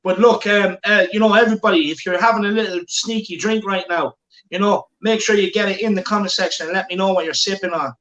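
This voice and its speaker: A man hosts a live football watchalong in a chatty, bantering way, reading out viewer comments as he goes. His voice sits fairly high for a man. The room has a noticeable echo. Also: steady tone, quick pace, a bit bright. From Ireland. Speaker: watchalong host.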